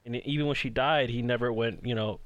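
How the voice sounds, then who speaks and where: A man's voice: mid-range voice, steady tone, brisk, highs cut off, very noisy. A man co-hosting a casual podcast, rambling with lots of "like" and "you know". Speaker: podcast co-host. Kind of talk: casual chat.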